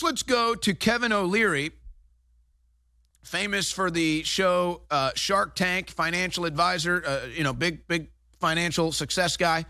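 A man's voice: high voice, sharp tone, dry recording, clean studio sound. A man hosting a political talk show, delivering heated, sarcastic, indignant commentary.

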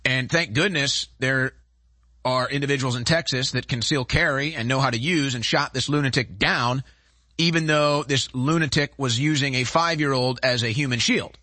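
A man's voice: medium pitch, moderate pace, pushed and bright, dry recording. A man hosting a show, delivering a heated political commentary monologue in an indignant, emphatic way, piling up rhetorical questions. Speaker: show host.

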